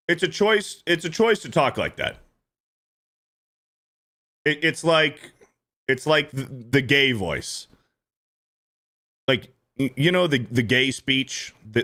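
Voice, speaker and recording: A man's voice: mid-range voice, sharp tone. A man hosting a stream, giving casual reaction commentary in a blunt, profane, repetitive way. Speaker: streamer host.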